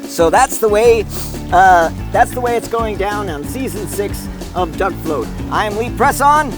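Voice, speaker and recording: A man hosting and calling a made-up game in a playful, deadpan announcer manner. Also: sits high, measured pace, music in the background. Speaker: host and commentator. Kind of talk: mock sports commentary.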